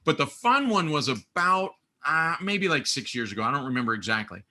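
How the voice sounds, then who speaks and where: Male podcast guest, storyteller; forceful, sharp tone, very lively pitch, does the voices. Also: brisk. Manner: lively, acts out quoted voices with big pitch swings. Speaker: guest, runs a training school.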